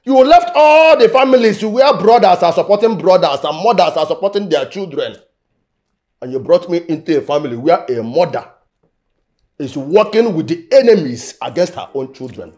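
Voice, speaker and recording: An actor with a Nigerian accent playing a greedy, boastful grown son who shouts and mixes Igbo with English. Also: male voice, high-pitched, expressive, normal speed. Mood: bitter. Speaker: actor in a film. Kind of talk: Nollywood film drama.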